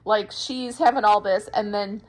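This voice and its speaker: A woman's voice: medium pitch, steady tone, moderate pace, crowd noise, low-quality recording. A woman chatting casually with a friend, teasing and amused. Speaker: friend and co-commentator. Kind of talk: casual chat.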